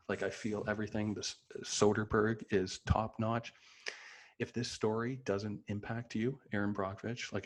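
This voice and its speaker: A man with a somewhat low voice chats through his film picks in a loose, unscripted way. He swears freely, fills pauses with ums, and gushes about what he loves. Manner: loose, profane, enthusiastic with many fillers. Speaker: podcast host reviewing films. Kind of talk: casual spoken review.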